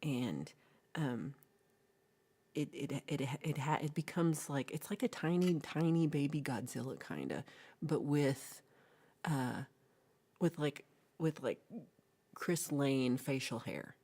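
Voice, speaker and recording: A woman's voice: deep voice, expressive, takes it slowly, pauses often, warm tone, breathy edge. A woman hosting a livestream, chatting casually and retelling a film in a rambling, playful way with asides. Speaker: livestream host.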